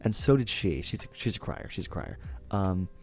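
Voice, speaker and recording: Young male streamer, low register, loose self-interrupting storyteller, light music bed. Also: very animated, moderate pace, darkish tone. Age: young adult. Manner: rambling, self-interrupting, laughs at himself. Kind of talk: casual storytelling to chat.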